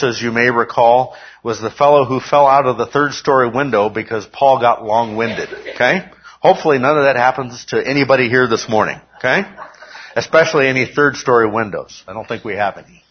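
In a church service captured on a dull lo-fi recording, a man with a mid-range, slightly rough voice delivers a sermon. He teaches his congregation step by step, frequently checking in with "okay?".

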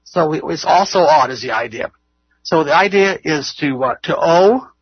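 A man's voice: fairly high pitch, normal speed, breathy edge, no echo, highs cut off. A man leading an informal Bible study, earnest and rambling, often laughing at himself. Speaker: Bible teacher.

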